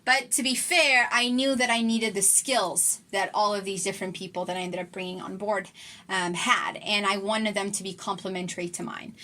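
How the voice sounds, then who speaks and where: A woman's voice: mid-range voice, fairly even intonation, normal speed, bright, forceful tone. A woman in her twenties talking casually to camera in a vlog, chatty and enthusiastic. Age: 20s. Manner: chatty and enthusiastic, many fillers. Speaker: entrepreneur vlogger.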